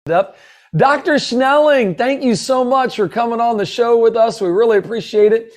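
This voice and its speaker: A man's voice: very high voice, brisk, darkish tone. A man hosting a webinar, eagerly introducing a guest with gushing praise and frequent fillers. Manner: eager and effusive, with many fillers. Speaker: webinar host.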